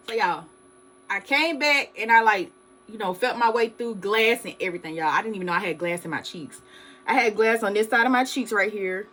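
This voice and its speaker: A woman's voice: medium pitch, lively intonation, fairly quick, sharp tone, rough recording. A young woman vlogger, animatedly telling a story to her viewers and calling them "y'all". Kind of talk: storytime vlog.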